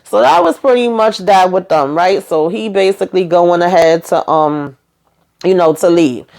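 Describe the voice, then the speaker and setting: A woman recapping a TV episode for her channel from home, in a chatty, animated way, acting out the characters' lines and making asides to her viewers. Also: fairly low pitch, normal speed, creaky. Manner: animated retelling, acting out dialogue in quotes. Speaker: YouTube TV recap host.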